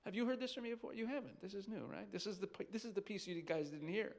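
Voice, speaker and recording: A man's voice: sits high, fast, vocal fry. A man, a rabbi, preaching in a conversational, emphatic way, asking rhetorical questions and restarting sentences. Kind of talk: sermon.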